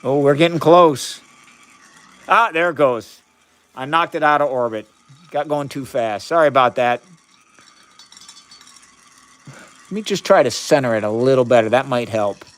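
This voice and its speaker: A man's voice: mid-range voice, unhurried, pauses often, a bit bright. A man on a live science stream, chatting casually as he runs experiments in a chemistry lab and greets viewers by name.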